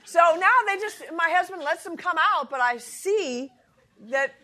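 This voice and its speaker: Bright, high-voiced woman, playful and self-mocking. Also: expressive, normal speed. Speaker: Bible teacher. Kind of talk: humorous devotional talk.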